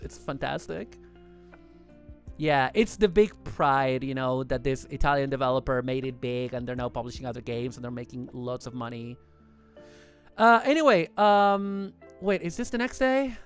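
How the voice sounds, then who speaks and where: In a mid-range voice, a livestream host chats loosely over a set of photos, excitable and meandering, frequently stopping to fix what they just said.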